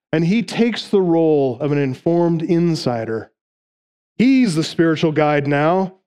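A man's voice: a little high, a little mellow. A man preaching an expository sermon, making numbered points emphatically and acting out quoted lines. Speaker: pastor.

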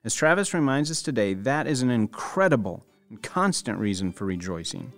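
A man hosting a radio program, reading a smooth scripted introduction. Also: mid-range voice, big pitch swings, moderate pace, dry recording. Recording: dry studio with soft music.

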